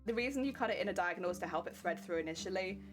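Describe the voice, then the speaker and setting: A young woman with a British accent chats through a late crafting stream, laughing often and sounding a little sleepy. Her voice sits at a medium pitch. Plucked guitar music plays clearly underneath. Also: expressive, racing. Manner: giggly, chatty, thanks viewers by name. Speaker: cosplay streamer. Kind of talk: casual live-stream chat while crafting. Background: guitar music playing.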